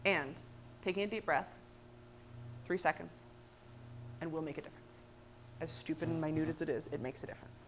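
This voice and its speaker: A woman trainer presenting a workshop, lively and animated, often checking in with "right?". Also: low voice, a little fast, long pauses, a little hiss or hum.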